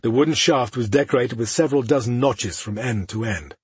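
In a steady, measured reading style, a man narrates a fantasy audiobook. His voice is mid-range and slightly rough, with no room sound.

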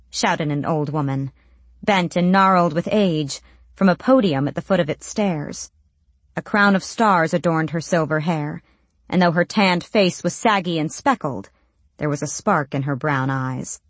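A woman reading a fantasy story aloud as narrator, with steady storytelling. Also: sits low, unhurried, no room sound. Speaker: audiobook narrator. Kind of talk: scripted narration.

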